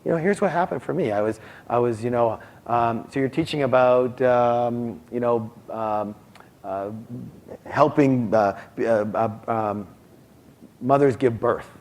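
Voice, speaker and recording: A middle-aged man teaching a live seminar, animated and constantly quizzing his audience. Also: mid-range voice, a little slow. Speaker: seminar speaker.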